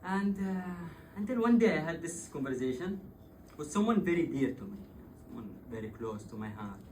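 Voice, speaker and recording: A man's voice: a little high, normal speed. A man from Yemen telling a personal story on stage, swearing and laughing as he goes. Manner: swearing, laughing, animated retelling. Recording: distant voice with clear background noise.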